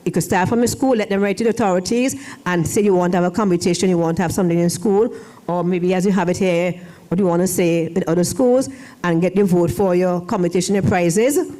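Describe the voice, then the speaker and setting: A woman's voice: on the low side, quick pace, warm tone. A middle-aged woman, a former foreign language officer, giving a rambling ceremony speech in a church hall with many restarts. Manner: rambling, repeats and restarts phrases.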